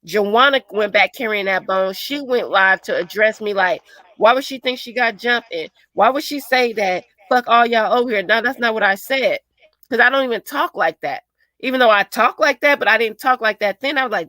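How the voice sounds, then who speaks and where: Bright-voiced woman venting in heated chat. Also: a little high, moderate pace, dry recording. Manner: animated, swearing, quotes others in put-on voices. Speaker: co-host. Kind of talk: heated casual commentary.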